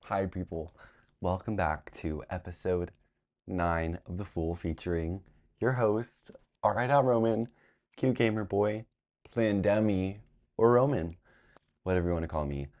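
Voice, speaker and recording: A man's voice: deep voice, unhurried. Drained young man dishing casual vlog gossip. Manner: dramatic, gossipy, swings between drained sighs and excited squeals. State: tired. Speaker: vlog host.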